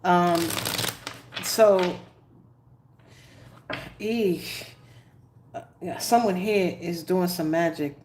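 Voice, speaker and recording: Animated New woman telling stories. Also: lowish voice, extremely slow, pauses often, a little hiss or hum. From New York. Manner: animated storyteller, laughs often, dramatic asides. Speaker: tarot reader. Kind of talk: casual live-stream chat.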